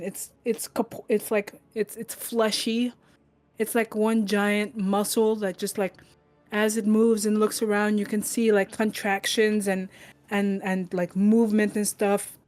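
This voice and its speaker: A young woman narrating as game master, casual and halting with many fillers. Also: mid-range voice, level tone, darkish tone.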